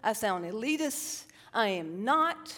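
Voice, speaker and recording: A middle-aged woman from South Carolina, a psychotherapist giving a lively, self-mocking storytelling talk and calling the crowd y'all. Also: a little high, takes it slowly. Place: large hall with a stage. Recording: long reverb of a large hall.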